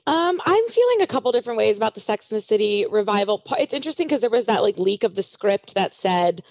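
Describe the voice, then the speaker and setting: A woman's voice: medium pitch, big pitch swings, quick pace, a little mellow, no echo. A woman co-hosting a casual pop-culture chat, rambling and chatty, with lots of filler words. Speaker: co-host.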